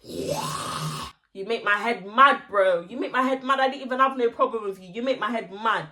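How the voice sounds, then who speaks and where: A young woman telling a story to camera in a casual, animated way, full of slang and swearing. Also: on the high side, fast, noisy background. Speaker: vlogger. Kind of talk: casual story time monologue.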